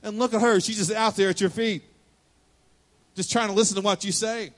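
An overworked, indignant woman complains in a raised, pleading voice, as a male preacher puts her on mid-sermon. She sounds fed up and pushes each line higher. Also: fairly even intonation, fairly quick, close to an everyday voice. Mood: exasperated.

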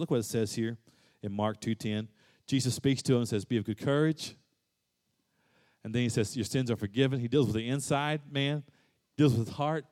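A man preaching a sermon as pastor. He moves between soft, low passages and loud, emphatic rises. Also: steady tone, brisk.

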